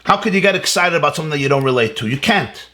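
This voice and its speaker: Animated man giving a Torah lecture. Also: fairly high pitch, racing. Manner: animated and emphatic, rhetorical questions, repeats key words; mixes Hebrew and Yiddish terms into English. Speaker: rabbi teaching a class.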